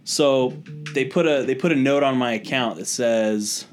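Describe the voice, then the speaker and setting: Young man, casual podcast co-host, animated storyteller who acts out voices and swears a lot, mid-pitched voice. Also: a little slow, faint music behind.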